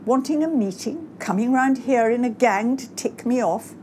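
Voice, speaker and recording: A woman voicing an indignant middle-aged mother who stands up to her grown children, measured then impassioned. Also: on the high side, a little mellow, a little hiss or hum, voice pushed up, close to an everyday voice. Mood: level.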